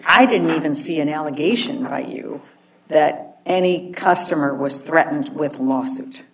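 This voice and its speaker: Female appellate judge, very low pitch, skeptical, distant and slightly noisy. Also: unhurried. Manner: skeptical and direct. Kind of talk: judge questioning counsel. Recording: distant mic with faint noise.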